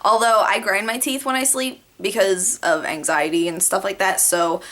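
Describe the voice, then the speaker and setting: Bright-voiced chatty young woman vlogger. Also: medium pitch, normal speed. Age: young adult. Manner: chatty, animated, many "like" fillers. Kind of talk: casual storytelling to camera.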